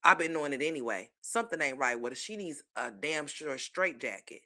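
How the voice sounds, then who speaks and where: A woman hosting a commentary stream, scolding and mocking someone with steady profanity. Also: deep voice, a little fast, no room sound. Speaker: commentary host.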